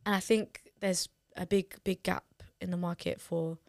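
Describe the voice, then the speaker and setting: A woman's voice: on the low side, fairly even intonation, normal speed, creaky, a little mellow. A woman co-hosting a podcast, rambling in casual chat, full of fillers and free with swearing. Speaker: podcast co-host.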